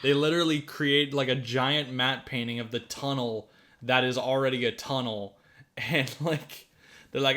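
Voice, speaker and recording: A man's voice: mid-range voice, moderate pace. A young man co-hosting a podcast, chatting casually about a film with lots of laughter and swearing. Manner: animated, laughing, swearing, putting on silly voices. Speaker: podcast co-host. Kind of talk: casual chat reviewing a film.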